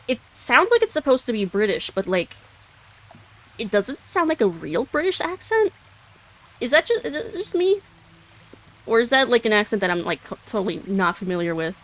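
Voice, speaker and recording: A woman's voice: fairly high pitch, big pitch swings, moderate pace. A young woman streaming a video game, chatting casually and giggling often as she rambles and corrects herself. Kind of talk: casual gaming commentary.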